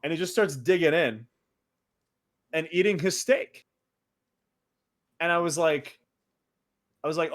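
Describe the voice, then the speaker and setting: A man's voice: on the high side, measured pace, long pauses. A man in his thirties co-hosting a podcast, telling stories in casual chat and laughing through them. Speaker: podcast co-host.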